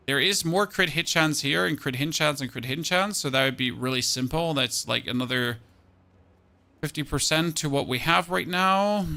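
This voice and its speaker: Young man, game streamer, bright and pushy tone, chatty think-aloud delivery. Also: fairly high pitch, gravelly. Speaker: gaming streamer. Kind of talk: live-stream gameplay commentary.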